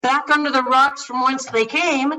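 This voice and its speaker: A woman running for office answers interview questions earnestly, often pausing and restarting. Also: high voice, flat delivery, pushed and bright, distant mic, poor audio. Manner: earnest, halting, with many fillers and restarts. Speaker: political candidate guest.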